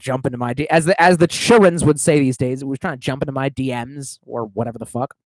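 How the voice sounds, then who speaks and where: A man's voice: medium pitch, fast, few pauses, no echo. A young man streaming, telling a long rambling story in casual, profane talk.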